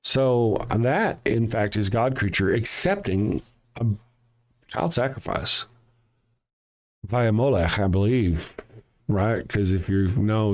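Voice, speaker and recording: A man hosting a live stream, reading scripture aloud and breaking off into sarcastic, mocking asides. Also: fairly low pitch. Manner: sarcastic, mocking asides with a lively swooping delivery. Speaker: host.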